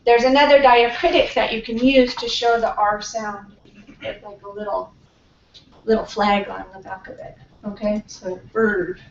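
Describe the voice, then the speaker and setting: A woman teaching a pronunciation workshop, modeling words slowly and checking in often with her class. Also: a little high. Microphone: distant room mic. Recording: echoey classroom from far off, dull and slightly noisy.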